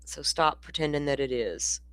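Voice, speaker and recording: A woman's voice: deep voice, moderate pace, clean tone, dry recording. A woman hosting a casual livestream, talking bluntly and profanely in a rambling way while she keeps yawning. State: yawning, sleepy. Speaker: livestream host.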